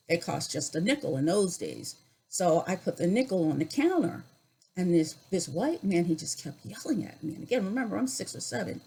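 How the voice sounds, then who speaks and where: A woman in her sixties telling personal stories in a vlog, reflective and unhurried, with pauses and restarts. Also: mid-range voice, mellow, breathy edge, rough recording. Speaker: YouTuber.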